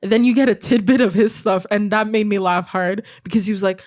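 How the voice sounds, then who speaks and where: A woman's voice: medium pitch, fairly quick, no echo, clean studio sound. A woman co-hosting a podcast, telling a story in casual chat with lots of laughter. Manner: giggly, animated storytelling with frequent laughter. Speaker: podcast co-host recounting a show.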